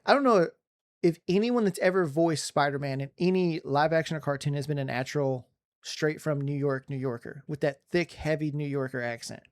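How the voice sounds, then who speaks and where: A man co-hosting a casual podcast, reviewing a movie in an excited, rambling way with lots of restarts. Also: a little high, moderate pace. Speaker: podcast co-host.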